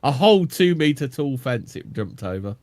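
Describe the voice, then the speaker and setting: A man cohosting a laid-back podcast, reading strange sighting accounts aloud. He trips over awkward phrasing and chuckles at it before going on. His voice sits at an ordinary middle pitch for a man. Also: big pitch swings, moderate pace, a little mellow, no room sound. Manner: reads accounts aloud, stumbles and chuckles at the wording. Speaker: podcast co-host.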